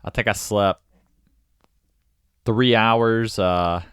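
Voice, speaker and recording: A man's voice: fairly low pitch, steady tone, extremely slow, a bit bright, smooth, dry recording, studio quality. A man co-hosting a casual podcast, talking bluntly and offhandedly, swearing casually. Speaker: podcast co-host.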